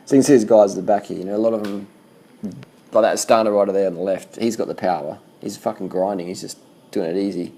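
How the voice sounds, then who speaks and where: Gravelly low-voiced man, casual race chatter. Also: fast talker, poor audio. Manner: swears freely, talks in loose animated bursts. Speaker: cycling vlogger commenting on race footage. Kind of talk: casual reaction commentary.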